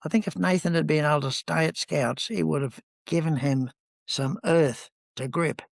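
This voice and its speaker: Gravelly older New man. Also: fairly high pitch, normal speed, no room sound. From New Zealand. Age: 70s. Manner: rambling, anecdotal, with many ums. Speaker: guest. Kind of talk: relaxed storytelling in conversation.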